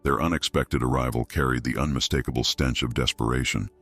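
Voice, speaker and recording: A man reading a scripted story as narrator in a measured, even way, over faint music. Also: rumbling low.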